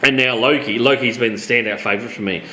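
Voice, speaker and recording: A middle-aged Australian man co-hosting a casual live show, animated, swearing freely and laughing often. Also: mid-range voice, fast talker, echoey room. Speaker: co-host. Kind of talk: casual live-stream chat.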